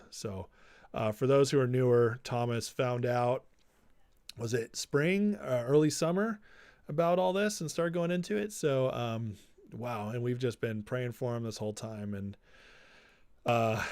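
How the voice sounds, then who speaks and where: A man's voice: mid-range voice, a little mellow, dry recording. A man hosting a casual political livestream, talking loosely and reading viewer comments aloud. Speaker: livestream host.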